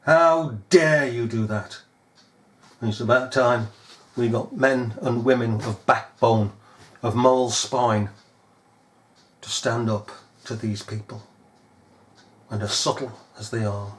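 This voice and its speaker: A man's voice: medium pitch, level tone, unhurried, long pauses, a little hiss or hum. A man preaching a fiery sermon, scolding his listeners with pointed rhetorical questions.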